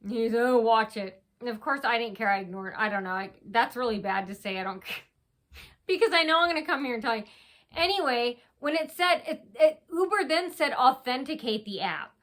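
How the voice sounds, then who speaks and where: A woman's voice: a little high, a bit bright. A woman vlogger telling a long story in a rambling, casual way, with restarts and acted-out quotes. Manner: talks fast, with many restarts and acted quotes.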